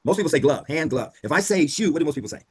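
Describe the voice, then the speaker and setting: A man's voice: a little high, animated, racing, crowd noise. A man teaching a law class over a video call, quizzing students and repeating key points. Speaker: law instructor. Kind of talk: online class lecture.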